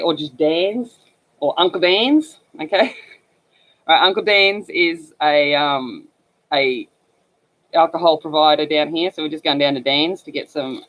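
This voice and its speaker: A woman's voice: deep voice, fairly bright tone, low-quality recording. Chatty Australian woman livestreaming. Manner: chatty, explains slang to viewers. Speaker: livestream host. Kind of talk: casual livestream chat while coloring.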